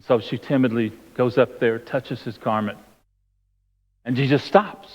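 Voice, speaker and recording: Preacher in a reverberant church hall. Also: male voice, mid-range voice, fairly even intonation, a little slow, a little mellow. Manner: storytelling, acting out the voices of the people in the story. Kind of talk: sermon. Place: church sanctuary. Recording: long hall reverb, dull lo-fi sound.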